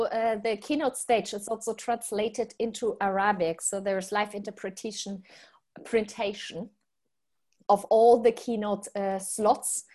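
A woman's voice: medium pitch, warm tone. A woman with a German accent co-hosting a live conference stream, speaking with many hesitant fillers. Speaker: conference co-host. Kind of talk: casual live-stream chat.

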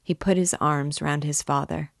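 A woman reading a novel aloud in a slow, deliberate way as a guide to the book. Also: deep voice, steady tone, vocal fry, fairly bright tone, dry recording, studio quality. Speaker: reader guiding a novel.

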